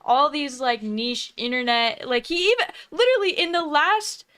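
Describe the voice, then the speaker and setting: A woman's voice: sits high, animated, normal speed, a bit bright. A woman casually bantering and laughing while reacting to a clip.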